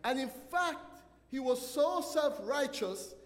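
High-voiced pastor preaching in a reverberant church. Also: male voice, lively intonation, takes it slowly. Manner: call-and-response preaching, asks the congregation questions. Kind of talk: sermon. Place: church sanctuary. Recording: long church hall reverb.

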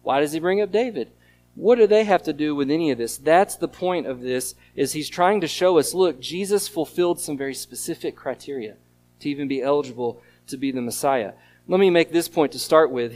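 A man preaching to his congregation in a slightly higher-than-average voice. He teaches in an earnest, explanatory way and leans hard on the words he wants to land. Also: darkish tone. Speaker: pastor. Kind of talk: sermon.

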